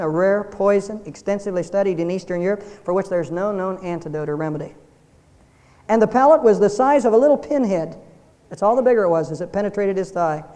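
A man's voice: high voice, darkish tone, in a large hall. A man preaching a sermon as pastor, earnest and emphatic, asking his listeners rhetorical questions. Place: church sanctuary.

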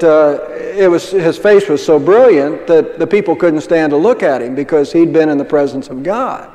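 A man's voice: high voice, darkish tone. Older man, pastor; conversational sermon with rhetorical questions, long church-hall reverb.

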